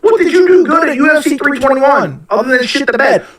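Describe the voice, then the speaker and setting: A man's voice: very high voice, expressive, a little fast, a bit bright. A man giving mocking, emphatic commentary in a casual podcast clip. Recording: echoey room, distant mic.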